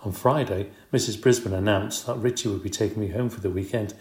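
Low-voiced man reading a storybook. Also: fairly even intonation, brisk, a little mellow. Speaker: audiobook narrator. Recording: roomy echo.

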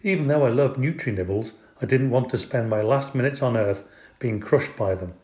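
A man's voice: mid-range voice, normal speed. Man reading a children's story aloud. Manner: expressive, playful, does character voices. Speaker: audiobook reader. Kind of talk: storybook narration. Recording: echoey room.

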